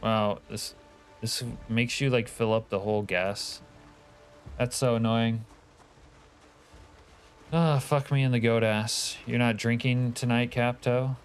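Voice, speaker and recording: A man's voice: mid-range voice, steady tone, slow pace, long pauses, smooth, faint music behind. A man from Canada streaming a multiplayer survival game, chatting casually with teammates and viewers, joking and swearing freely. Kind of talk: casual gaming livestream chat.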